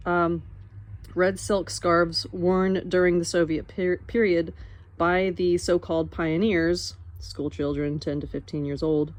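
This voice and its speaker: A young adult woman reading a nonfiction book aloud in an expressive, wry way, breaking off now and then to comment on it. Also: low voice, no room sound. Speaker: audiobook reader.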